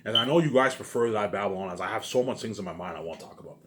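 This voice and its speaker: A man's voice: on the low side, very fast, noisy background. A man rambling through a casual monologue for his viewers, repeating himself often and swearing freely. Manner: rambling and repetitive, with frequent swearing. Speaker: vlogger.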